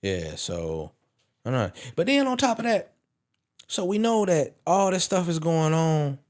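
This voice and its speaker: An animated man telling wrestling stories. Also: on the high side, measured pace. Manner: animated storytelling, swears freely. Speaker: wrestling podcast panelist. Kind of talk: casual chat.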